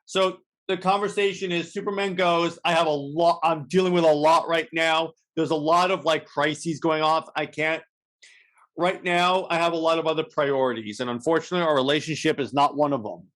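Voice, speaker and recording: A man's voice: on the high side, fairly even intonation, a little fast, few pauses, fairly bright tone. A man co-hosting a podcast, casually recapping a comic with many restarts and acted-out quotes. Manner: rambling, many restarts, acts out lines. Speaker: podcast co-host.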